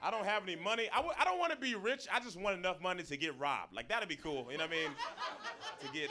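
A man's voice: sits high, expressive, quick pace, pushed and bright. A young man doing a stand-up comedy set, telling self-mocking stories with lots of asides to the crowd.

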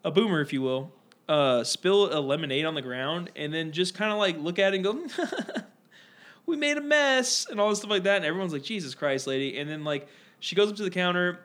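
A man's voice: on the high side, fast talker. A man co-hosting a podcast, telling rambling stories in casual chat and mimicking the people in them. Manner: rambling, animated storytelling with mimicked voices. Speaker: podcast co-host.

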